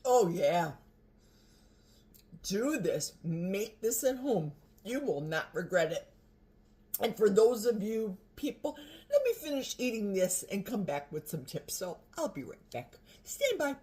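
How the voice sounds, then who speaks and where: An older woman food vlogger tasting a dish and chatting casually to her viewers, animated and talkative, sometimes with her mouth full. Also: mid-range voice, unhurried. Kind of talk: casual cooking vlog with tasting.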